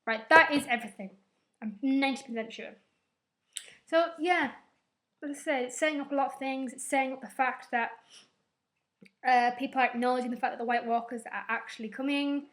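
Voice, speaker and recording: Young female vlogger, slightly high voice, chatty and rambling recap delivery. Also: brisk, pauses often, fairly bright tone. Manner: rambling, chatty, casual swearing. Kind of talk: casual episode recap.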